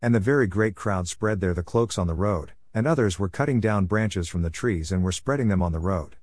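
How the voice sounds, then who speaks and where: Low-voiced man reading scripture aloud. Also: expressive, brisk, a little mellow, no room sound, clean studio sound. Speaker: scripture reader.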